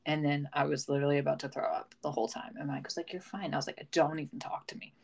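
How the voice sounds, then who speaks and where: A woman's voice: deep voice, flat delivery, fast, gravelly, a little mellow, low-quality recording. A young woman co-hosting a casual chat, laughing often and acting out stories with dramatic voices. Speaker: podcast co-host.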